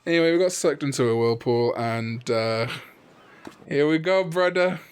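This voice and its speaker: A man's voice: on the high side, normal speed, clear, resonant tone. A British man casually commentating a video game with a friend, cursing and joking a lot. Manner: profane, laughing banter. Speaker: let's play host.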